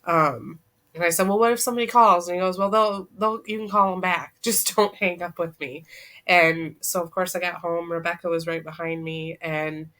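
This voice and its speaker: A woman guest on a podcast, earnestly recounting a personal story and quoting the people in it, her voice dropping soft at the hard parts. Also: lowish voice, steady tone, normal speed. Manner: earnest, relives events by quoting dialogue; emotional, voice drops soft at hard moments. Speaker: guest, co-author.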